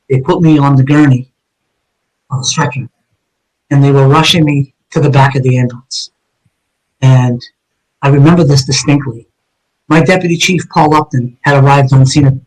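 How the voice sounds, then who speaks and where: A man's voice: mid-range voice, fairly even intonation, normal speed, long pauses, rough recording. A middle-aged man from Massachusetts, a retired detective telling his story as a guest in an interview, blunt and intense, swearing often. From Massachusetts, USA. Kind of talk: personal story told in an interview.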